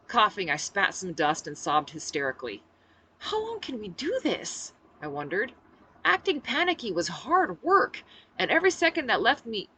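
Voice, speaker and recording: A woman's voice: lowish voice, sharp tone, breathy edge, rough recording. A woman reading her own novel aloud in the first person, voicing the dialogue expressively. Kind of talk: audiobook-style first-person narration.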